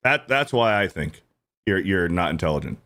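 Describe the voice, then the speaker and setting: A man hosting a stream gives casual reaction commentary in a blunt, profane and repetitive way. His voice is low-pitched and expressive with a fairly bright tone, at normal speed.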